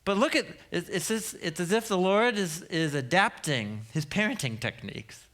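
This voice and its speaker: A man's voice: high-pitched, lively intonation, normal speed, fairly bright tone. A man in his thirties teaching a sermon as a Bible teacher, a humorous storyteller who laughs often.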